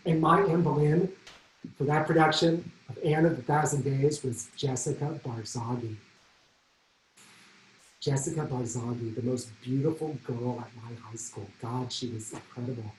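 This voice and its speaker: A man performing a comic solo stage monologue, telling his story in an animated, self-mocking way on a theatre stage. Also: a little high. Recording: roomy stage sound from a distant mic.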